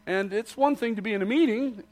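A man preaching a sermon to his congregation, asking rhetorical questions and dropping low and quiet for emphasis. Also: brisk. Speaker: pastor.

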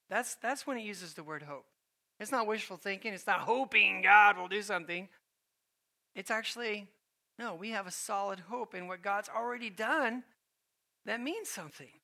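A man's voice: high voice, pushed and bright. A man giving a sermon as guest preacher on a church stage, folksy and conversational, with fillers and restarts.

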